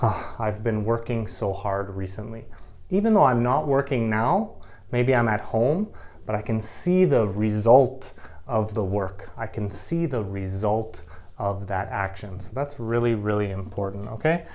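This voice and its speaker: A man's voice: lowish voice, expressive, measured pace, a little mellow. A middle-aged man teaching English grammar to camera, explaining patiently and repeating key phrases.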